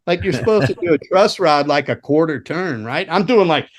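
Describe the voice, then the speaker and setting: Animated, swearing man telling road stories. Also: fairly high pitch, moderate pace. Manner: animated, profane storyteller who acts out scenes. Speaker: guest, former roadie and guitar tech. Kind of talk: casual storytelling on a podcast.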